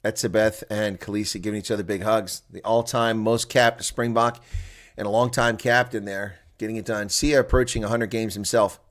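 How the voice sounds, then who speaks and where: A man calling a rugby match live as a chatty, excitable watch-along commentator, with a congested throat that keeps him coughing. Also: fairly low pitch, normal speed. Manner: chatty and excitable, laughs at players' mistakes. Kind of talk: live play-by-play reaction commentary.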